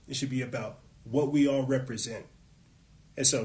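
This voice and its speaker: A male show host delivers a heated political monologue, fired up, preachy and swearing often. His voice is medium-pitched and somewhat dark, with fairly even intonation and a moderate pace.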